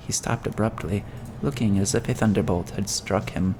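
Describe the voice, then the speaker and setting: A man narrating a classic novel as an audiobook in a measured, dramatic storytelling manner. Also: lowish voice, a little mellow.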